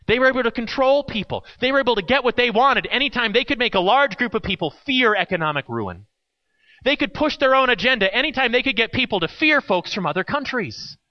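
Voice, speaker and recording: A man's voice: high-pitched, dull audio. A man preaching an earnest sermon and telling a personal story with drama. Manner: earnest, dramatic storytelling, acts out the people in his stories. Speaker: pastor.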